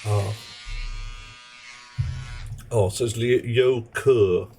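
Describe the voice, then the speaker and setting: A man's voice: on the low side, steady tone, very slow, background noise. A man chatting casually on a live game stream, rambling and joking in muttered asides. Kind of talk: casual live-stream chat while gaming.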